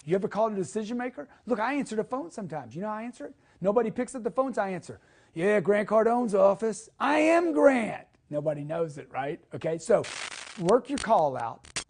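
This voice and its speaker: A middle-aged man delivers a motivational sales lesson in a notably high voice. He is emphatic and direct, and he drives each point home with a quick "okay?". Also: big pitch swings, darkish tone. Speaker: sales trainer.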